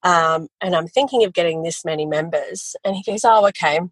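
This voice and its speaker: A woman, a guest telling her business story in a casual interview, animated and quick to laugh. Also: lowish voice, slightly rough, dry recording, rough recording. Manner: animated storytelling, quotes family in voices, laughs often. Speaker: guest, photography educator.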